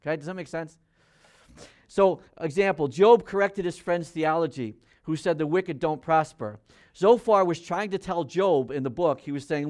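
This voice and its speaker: A man delivering a sermon, his voice sitting a little higher than most men's. He reads scripture aloud with loud, swelling emphasis, then drops to quiet, low asides as he explains it to the congregation. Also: moderate pace. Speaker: pastor.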